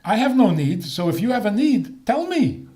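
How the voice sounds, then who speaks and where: A man's voice: sits high, moderate pace. An older man, a rabbi, giving a talk on faith with jokes and rhetorical questions. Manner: animated, joking, rhetorical questions.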